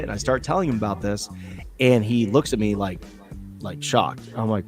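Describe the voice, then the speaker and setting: A man co-hosting a podcast, telling a story in a rambling, profane, animated way, from New England. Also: fairly low pitch, moderate pace, faint music behind. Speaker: podcast co-host. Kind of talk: casual storytelling chat.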